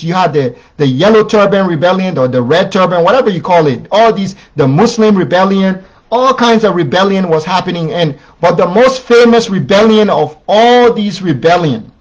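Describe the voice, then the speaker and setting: Guy with a high voice giving a rambling history lecture, keeps going "the, the", dull muffled audio. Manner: repetitive, many restarts and filler "the, the".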